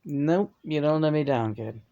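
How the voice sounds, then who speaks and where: A man in casual chat, talking in a gentle and affectionate way. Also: on the high side, measured pace, dull audio.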